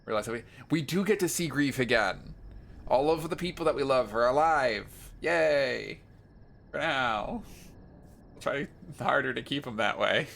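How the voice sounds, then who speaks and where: A man's voice: mid-range voice, lively intonation, moderate pace, vocal fry, a bit bright, a little hiss or hum. A man streaming a video game, making playful, jokey asides between lines of dialogue. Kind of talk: let's play commentary.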